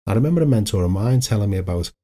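A man's voice: fairly low pitch, animated, racing, warm tone. A middle-aged man, hosting a solo motivational podcast in a chatty, anecdotal way that wanders into side stories. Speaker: podcast host, life coach.

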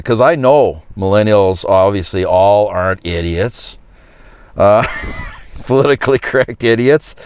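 A man's voice: mid-range voice, clean tone, no echo. A man hosting his own podcast, talking in a rambling, opinionated way and chuckling at his own jokes. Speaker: podcast host. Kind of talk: casual opinionated monologue.

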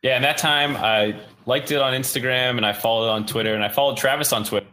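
A man's voice: medium pitch, fairly even intonation, fast talker, sharp tone. A man co-hosting a casual talk show and screening callers, with dry joking asides. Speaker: co-host and call screener.

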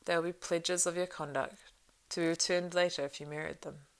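A woman's voice: fairly low pitch, fairly even intonation, clear, resonant tone, lightly acted. Woman reading as a stern old wizard. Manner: grave, measured authority.

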